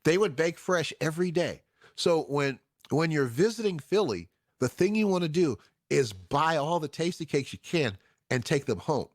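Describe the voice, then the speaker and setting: A man's voice: a little high, normal speed, no echo, studio quality. A man in his sixties from Chicago, hosting a show and telling stories casually, laughing often and restarting his sentences. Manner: animated, laughing, full of restarts. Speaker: show host. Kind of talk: casual storytelling.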